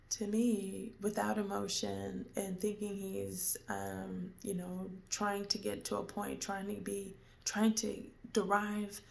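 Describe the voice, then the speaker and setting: A woman telling a personal story in a reflective, halting way. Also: medium pitch, gravelly.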